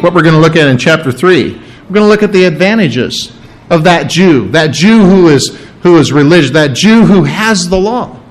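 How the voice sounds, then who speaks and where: A middle-aged man delivers a sermon with an animated, questioning style. His voice sits a little high for a man. He acts out the voices he quotes. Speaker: pastor.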